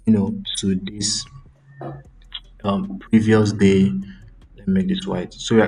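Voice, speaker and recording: Give me a young man with a slightly low, husky voice casually explaining a trade step by step. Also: darkish tone. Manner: casual explaining, frequent ums and self-corrections. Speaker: trading channel host. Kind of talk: live screen-share trading breakdown.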